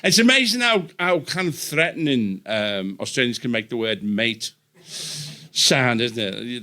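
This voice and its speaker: A man's voice: mid-range voice, lively intonation, measured pace, sharp tone. An older man hosting a live podcast on stage, telling rambling anecdotes full of restarts. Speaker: podcast host. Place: comedy venue stage with live audience.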